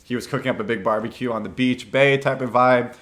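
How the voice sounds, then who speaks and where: A man's voice: mid-range voice, steady tone, fast, a bit bright. A young man hosting a podcast, casually telling a dating story in a laid-back, slangy way with lots of filler words. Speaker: podcast host.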